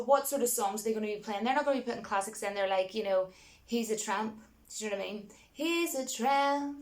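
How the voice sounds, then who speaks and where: A woman vlogging her opinions on film remakes in a casual, exasperated rant, with frequent asides to her viewers. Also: mid-range voice. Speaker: vlogger reviewing films.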